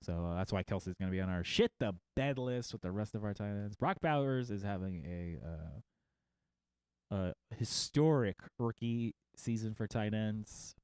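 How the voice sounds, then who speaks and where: A man with a smooth, resonant, fairly low voice hosts a sports show as a casual livestream. He rambles through lists with quick asides and pokes fun at himself. The sound is dry and close, with no room echo. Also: a little mellow. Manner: jokey and self-mocking. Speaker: fantasy football show host.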